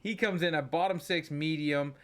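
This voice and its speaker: Excitable young man commenting his game. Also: on the high side, moderate pace. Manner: chatty, thinks aloud, excitable outbursts. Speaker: gaming channel host. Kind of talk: gameplay commentary.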